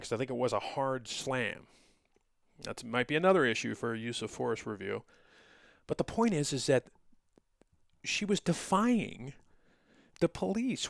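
A man's voice: mid-range voice, creaky, dry recording, clean studio sound. A middle-aged man hosting a solo podcast, talking in an indignant, sarcastic, lecturing way with frequent fillers. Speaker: podcast host.

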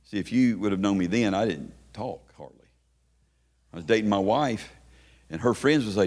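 A man's voice: fairly low pitch, normal speed, long pauses, darkish tone. A middle-aged man from Kentucky, preaching a sermon as a guest bishop, telling stories with self-deprecating humor and stammered restarts, then building into a rhythmic preaching cadence.

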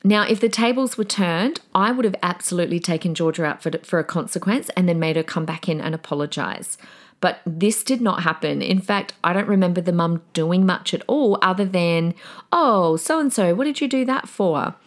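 A middle-aged woman hosts a parenting podcast and shares stories in a casual, animated way. Her voice sits a little low. When she quotes herself, she slips into a calm, soothing teacher tone. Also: fairly quick. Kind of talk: casual storytelling advice.

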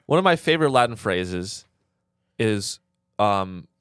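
Lively-pitched man in casual podcast chat. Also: measured pace, smooth, no room sound, clean studio sound. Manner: laughs easily, stumbles and restarts mid-thought. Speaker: podcast co-host.

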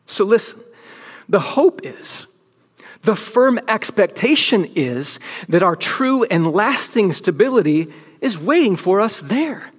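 A man with a notably high speaking voice preaches a sermon, his words ringing with a long hall reverb. He presses his points emphatically, then pulls down to hushed, near-whispered lines for weight. The sound is that of a large room with an audience. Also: sing-song, slow, breathy edge.

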